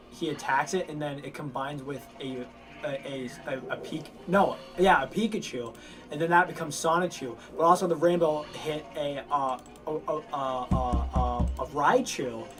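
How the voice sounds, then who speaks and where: A man casually telling a long story to friends, rambling and halting with lots of fillers and restarts. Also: a little high, faint music behind. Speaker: lore storyteller among friends. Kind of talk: casual chat.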